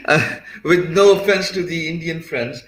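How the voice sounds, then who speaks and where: A man's voice: on the high side, big pitch swings, measured pace, fairly bright tone. A man with a Pakistani English accent gives an earnest motivational talk in a somewhat raised voice. His speech is full of fillers and restarts, and the room around him sounds echoey. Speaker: freelancer.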